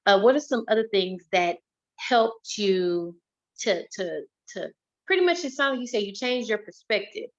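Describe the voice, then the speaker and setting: A woman podcast host in a conversational interview, her voice at a middling pitch. She nudges her guest along with mm-hmms and careful follow-up questions. The audio sounds dull and lo-fi. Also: lively intonation, normal speed. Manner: encouraging, asks probing follow-up questions, frequent mm-hmm.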